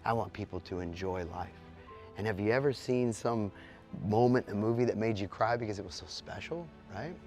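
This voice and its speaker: Blunt animated man, low voice. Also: fairly quick, faint music behind. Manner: blunt, animated, swears, mimics sounds. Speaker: musician. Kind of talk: interview answers.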